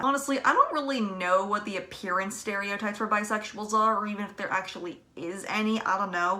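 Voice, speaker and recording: Lively, bright-voiced young woman vlogger. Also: mid-range voice. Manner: playful, sassy, emphatic with sudden loud outbursts. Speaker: video creator. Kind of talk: casual commentary vlog.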